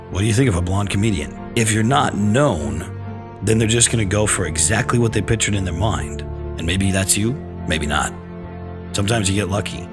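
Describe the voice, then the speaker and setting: A man who directs films hosts a radio advice segment for actors, talking frankly and wryly. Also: sits low. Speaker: film director and acting coach, radio segment host.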